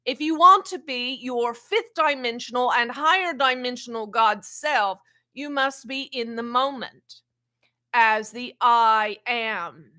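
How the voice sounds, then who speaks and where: Woman channeling an old wise spirit teacher, slow and halting, kinda high bright voice, repeats words a lot. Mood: calm teaching.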